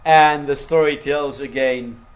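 A man's voice: mid-range voice, fairly even intonation, a little slow. A man preaching a sermon, retelling a story animatedly and acting out its quotes.

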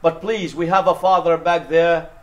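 A preacher voicing desperate pleading brothers. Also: male voice, on the high side, fairly even intonation, normal speed, natural voice. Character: pleading band of grown brothers.

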